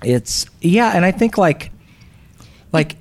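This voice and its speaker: A man's voice: high-pitched, very animated, slow. A man hosting a community radio show, chatty and joking, often restarting his sentences. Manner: chatty, jokey, stumbles and restarts. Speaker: radio host. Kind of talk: casual on-air chat.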